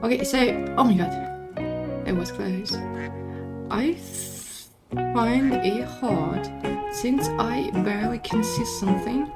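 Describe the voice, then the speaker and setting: A young woman with a non-native English accent hosting her gaming channel, giving casual gameplay commentary and squealing excitedly when things go wrong. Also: on the high side, slow, long pauses. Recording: music playing behind the voice.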